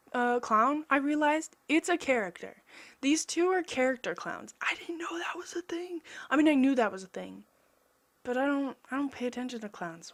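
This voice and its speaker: Young woman, artist vlogger, unhurried higher voice, rambling self-mocking chatter. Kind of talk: casual voice-over chat.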